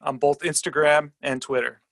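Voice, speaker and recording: A man's voice: on the high side, level tone, moderate pace, creaky, a bit bright, no echo. A man appearing as a guest on a comedy podcast over a video call, easygoing and joking.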